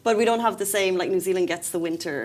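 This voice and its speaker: A woman's voice: fairly low pitch, very fast. A woman in her thirties with an Irish accent, hosting a podcast in a chatty, teasing way. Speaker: podcast host. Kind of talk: casual podcast chat.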